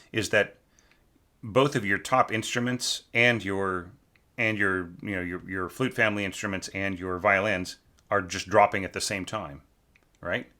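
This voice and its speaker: This is a spoken score critique: a teacher with a bright voice pitched fairly low works through a student's orchestral piece. Along the way he muses aloud, keeps asking "right?", and vocalizes passages with fast nonsense syllables.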